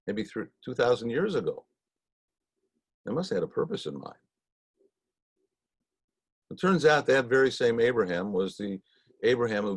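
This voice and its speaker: A man leading a Torah study, telling stories in a folksy, conversational way with frequent pauses. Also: mid-range voice, husky, no room sound. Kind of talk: storytelling talk.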